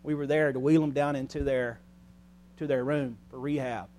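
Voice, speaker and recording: A man preaching a sermon in a church, speaking earnestly, rising loud and then dropping soft and quiet. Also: mid-range voice, steady tone, normal speed.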